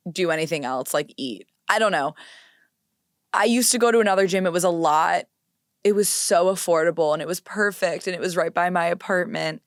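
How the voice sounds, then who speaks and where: Chatty low-voiced woman in her twenties. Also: smooth, dry recording, clean studio sound. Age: 20s. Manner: chatty, dramatic, self-mocking. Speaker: podcast host. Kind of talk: casual solo podcast chat.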